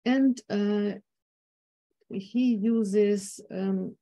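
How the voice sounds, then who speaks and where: Slow, mellow-voiced woman with a Ukrainian accent. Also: mid-range voice, steady tone, no room sound. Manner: hesitant, many fillers and restarts, quotes speeches in an emphatic voice. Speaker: conference speaker. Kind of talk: academic presentation on speech intonation.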